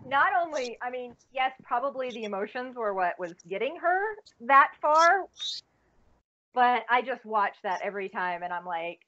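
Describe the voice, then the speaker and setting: A woman with a fairly high voice chats casually on a podcast. She rambles and restarts her thoughts, often giggling. The sound is muffled and lo-fi. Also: lively intonation, normal speed, pushed and bright. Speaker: podcast co-host. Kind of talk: casual chat. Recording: dull lo-fi audio.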